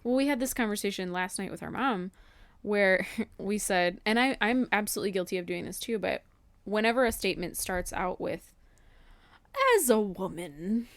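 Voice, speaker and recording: A woman in her thirties co-hosting a podcast, outspoken and quick to laugh in casual chat. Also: mid-range voice, dry recording. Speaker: podcast co-host.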